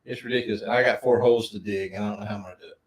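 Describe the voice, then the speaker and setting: A man's voice: on the low side, steady tone, racing, low-quality recording. A middle-aged man, chatting casually on a livestream and greeting viewers by name. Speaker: livestream co-host.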